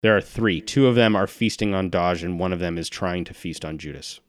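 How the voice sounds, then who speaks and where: A man with a lowish voice narrates a tabletop game as game master, describing attacks and gore in an easygoing tone. The sound is dry and close, with no room around it. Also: fairly quick, no echo. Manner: relaxed descriptive narration with casual table banter.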